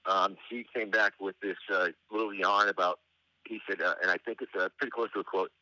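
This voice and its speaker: Bright-voiced man telling wry stories. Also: low voice, steady tone, no echo, rough recording. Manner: meandering, halting delivery with frequent hesitations; dry, wry humor. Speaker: interview guest. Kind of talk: casual anecdotal storytelling.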